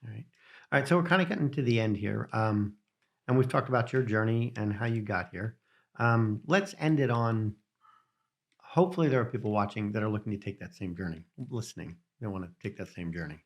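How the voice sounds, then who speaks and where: A man hosting an interview, talking in a relaxed, casual way with frequent hesitations. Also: fairly low pitch, fairly quick. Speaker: interview host.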